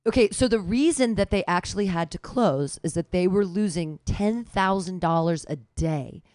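A woman co-hosting a podcast, telling stories in a lively, indignant way. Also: fairly low pitch, normal speed, no echo. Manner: animated, indignant storytelling. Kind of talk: casual chat.

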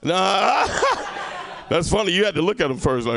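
Gravelly, animated stand-up comedian man. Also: high-pitched, measured pace, a little hiss or hum. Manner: profane, rambling, teasing the audience. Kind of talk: stand-up set with crowd work.

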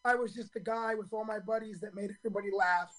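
A hoarse man in his fifties, a stand-up comedian telling his story in a radio interview, earnest and full of ums and restarts. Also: high-pitched, fairly even intonation, fast, a bit bright, poor audio.

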